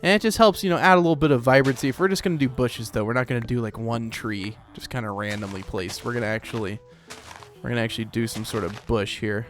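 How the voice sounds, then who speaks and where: A man's voice: mid-range voice, fairly even intonation, fast, soft background music. A man hosting a let's play, rambling casually as he plays, with lots of fillers. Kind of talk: casual gameplay commentary.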